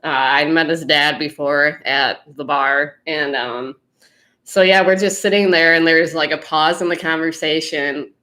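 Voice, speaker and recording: A woman co-hosting a podcast, easygoing and quick to laugh. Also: deep voice, fairly even intonation, pushed and bright. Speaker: podcast co-host. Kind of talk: casual chat.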